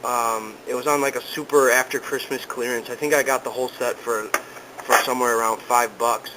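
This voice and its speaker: A man's voice: mid-range voice, steady tone, brisk, noisy background. A young man casually talking to camera in a vlog, easygoing and rambling with lots of ums and uhs. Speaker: vlogger. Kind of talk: casual product talk to camera.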